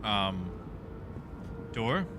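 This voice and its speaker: A man's voice: on the low side, very animated, drawn-out words, noisy background. A man streaming a game and chatting casually with live viewers, joking and riffing on their messages from his home setup.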